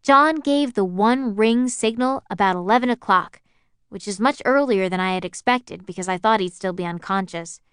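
A woman narrating an audiobook in the first person, with a smooth, clear voice. She reads at an even, measured pace. The sound is dry and close. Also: mid-range voice, dry recording.

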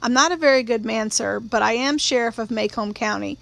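A woman's voice: on the high side, a little fast, vocal fry, a bit bright, no echo. A woman voicing a blunt, stubborn male small-town sheriff in his forties who talks in a plain-spoken drawl. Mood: earnest.

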